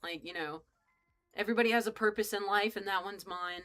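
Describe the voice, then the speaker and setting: Young woman game streamer, bright and forceful tone, loose rambling chatter, cusses freely, talks straight to chat. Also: medium pitch, fairly even intonation, brisk, soft background music. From United States. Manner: rambling, joking, swears freely, chats with viewers. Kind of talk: casual live-stream chat while playing.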